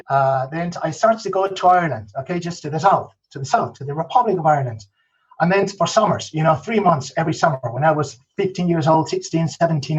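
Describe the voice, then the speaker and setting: A man's voice: a little high, lo-fi sound. Spanish-accented man telling stories. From Spain. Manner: peppers talk with "okay?" and "you know", frequent restarts. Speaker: podcast guest. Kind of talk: casual interview storytelling.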